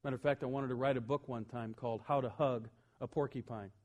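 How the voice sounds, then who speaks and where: A man preaching a sermon as pastor, telling humorous personal stories and swinging from loud emphasis to quiet, earnest asides. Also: mid-range voice, steady tone, fast, dull audio.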